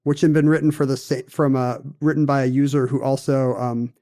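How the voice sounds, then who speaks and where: A man's voice: mid-range voice, steady tone, fairly quick, dark tone. A man co-hosting a casual podcast, telling a story in a wry way with plenty of fillers. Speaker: podcast co-host.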